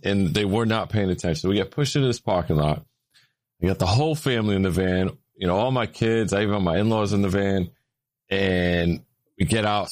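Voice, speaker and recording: A man telling a story in casual chat, with lots of fillers, getting louder and higher when he gets worked up. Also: no echo. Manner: animated, rising when worked up, many fillers.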